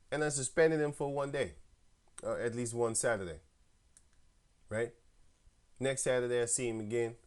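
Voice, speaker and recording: A man's voice: medium pitch, normal speed, pauses often. A man ranting in a casual, profane, slangy story, acting out both sides of heated phone arguments, with a voice that drifts off-mic at times. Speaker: camp member telling a story.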